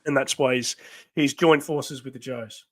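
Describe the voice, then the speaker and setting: A man's voice: medium pitch, fairly even intonation, normal speed. A man hosting a casual live comic read-along, chatty and full of fillers. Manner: chatty, hesitant with many fillers. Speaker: host.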